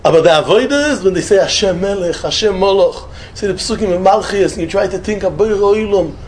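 A man giving a sermon, telling a story and mixing in Hebrew and Yiddish phrases, jumping between loud emphatic lines and soft murmured asides. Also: high-pitched, fast, a little hiss or hum. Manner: peppers English with Hebrew and Yiddish words, short repeated phrases. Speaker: rabbi giving a talk.

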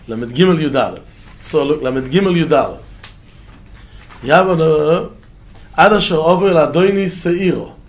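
A rabbi teaches a Torah lesson at normal speed with long pauses, chanting quoted verses in a singsong. When he stresses a point, his voice climbs high.

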